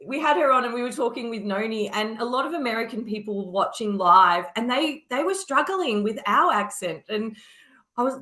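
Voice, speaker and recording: A woman's voice: mid-range voice, pushed and bright. A woman hosting a video call interview, bubbly and enthusiastic. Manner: bubbly, enthusiastic, quick to laugh. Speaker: host.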